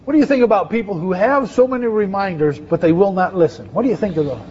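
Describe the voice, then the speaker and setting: A man's voice: high-pitched, expressive, fast talker, a little mellow, dull audio, slight background noise. A man preaching a sermon in a conversational way, asking his listeners questions. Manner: conversational, asks the audience questions.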